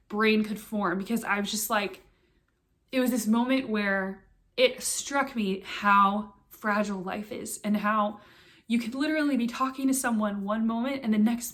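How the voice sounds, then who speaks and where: Earnest young woman telling a story haltingly. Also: a little high, fairly bright tone. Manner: earnest, halting, full of "like" fillers and restarts. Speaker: vlogger telling a personal story. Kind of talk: personal storytelling to camera.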